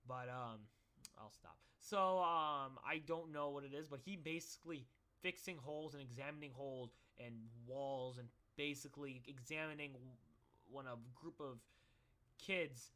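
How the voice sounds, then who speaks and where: Bright-voiced young man telling a story. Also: mid-range voice, moderate pace. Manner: rambling, animated, laughs often, many fillers. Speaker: vlogger. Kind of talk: casual storytelling.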